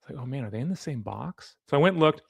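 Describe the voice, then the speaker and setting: A man's voice: medium pitch, expressive, racing, vocal fry, slightly rough, dry recording. A man hosting a sports show, chatting casually while opening card packs, rambling and easily sidetracked. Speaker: sports podcast host.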